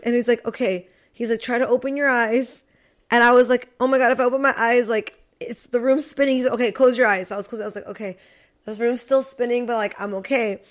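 A young woman co-hosting a podcast, telling a story in casual chat, animated and swearing, acting out quotes. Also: on the high side. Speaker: podcast co-host.

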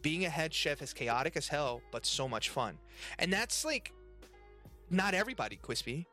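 A man hosting a casual podcast chat, animated and profane, with lots of slang. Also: a little high, moderate pace, soft background music. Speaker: podcast host and restaurant worker. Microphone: webcam and desk mic.

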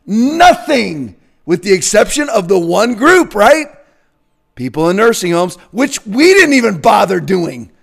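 High-pitched male commentator, combative rant style. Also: sing-song, unhurried, gravelly. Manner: combative, emphatic, bursts into shouting. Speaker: political commentator. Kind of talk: opinion rant.

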